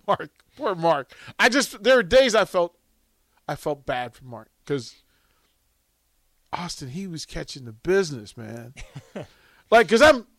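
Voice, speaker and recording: A man's voice: high-pitched, sing-song, takes it slowly, long pauses, fairly bright tone, no echo. A middle-aged man hosting on radio, telling stories casually in a rambling way and laughing often. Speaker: radio host. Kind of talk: casual on-air chat. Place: radio studio. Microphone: studio microphone.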